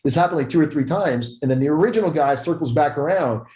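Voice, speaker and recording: A young adult man with a fairly high, darkish voice tells his story quickly and animatedly as a podcast guest. The telling is casual and profane, with him acting out others' voices, and the recording echoes in the room.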